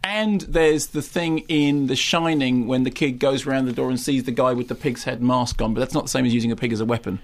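A man reviewing films on a radio show, talking quickly in long digressions full of stumbles and restarts. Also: mid-range voice, steady tone. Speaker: film critic. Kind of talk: radio film review chat.

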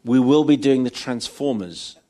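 A man's voice: mid-range voice, moderate pace, warm tone, a little hiss or hum. A male film show host interviewing a guest in a cinema screening room, asking teasing questions. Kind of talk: interview chat.

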